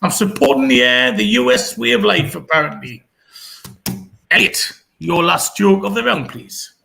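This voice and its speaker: A man's voice: a little high, sing-song, creaky, sharp tone. A British man hosting a pun contest, playful and laughing between jokes. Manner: playful, laughing, drawn-out words. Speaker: comedy show host.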